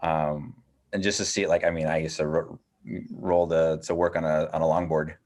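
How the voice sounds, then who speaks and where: A man in his thirties, a podcast guest, chatting casually in a halting, reflective way. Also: extremely low pitch, level tone, darkish tone. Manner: halting, repeats words, reflective. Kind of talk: casual chat.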